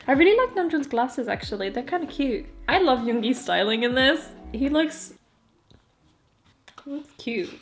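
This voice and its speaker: Chatty young woman with giggly asides. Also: medium pitch. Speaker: vlogger. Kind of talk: casual album walkthrough.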